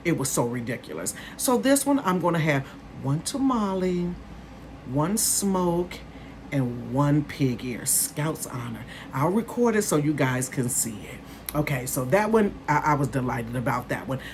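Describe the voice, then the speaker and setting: A woman in her fifties chatting casually to her viewers as a vlogger, calling them "honey" and "you guys" and bursting into excitement. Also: low-pitched, a little slow, slight background noise. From northern United States. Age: 50s.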